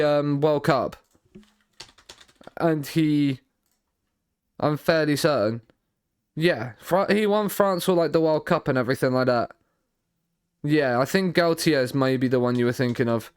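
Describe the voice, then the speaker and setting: A man streaming a football management game, thinking out loud in a rambling way, often repeating and restarting his words, with dry sarcastic asides. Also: on the high side, no echo. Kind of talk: live stream commentary while playing a football manager game.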